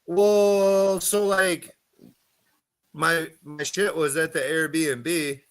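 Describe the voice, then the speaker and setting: A man's voice: fairly high pitch, fairly even intonation, drawn-out words, smooth. A man co-hosting a podcast in casual chat, laid-back, laughing often and swearing freely. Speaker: podcast co-host.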